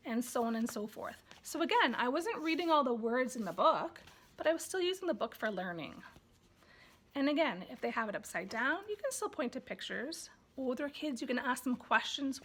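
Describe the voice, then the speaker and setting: A woman's voice: a little high, lively intonation, moderate pace, fairly bright tone, slightly rough. A woman who is a child development coordinator, giving a parenting lesson with sing-song baby-talk demonstrations.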